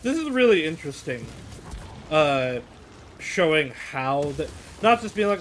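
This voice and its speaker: A man's voice: on the high side, wildly swooping pitch, unhurried, fairly bright tone, slight background noise. A man casually commenting on a game as he plays it on a live stream, joking and laughing at his own play.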